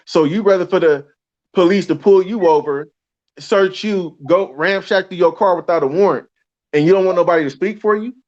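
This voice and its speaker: A man's voice: high voice, moderate pace, a little mellow, lo-fi sound. A man talking as a guest in a casual conversation, heated and preachy, firing off rhetorical questions.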